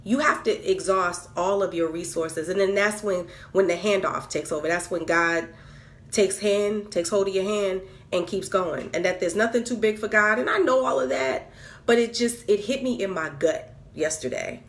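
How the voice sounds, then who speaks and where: A woman's voice: mid-range voice, moderate pace. A woman venting candidly on camera, exasperated and repeating herself with stammered restarts. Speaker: vlogger.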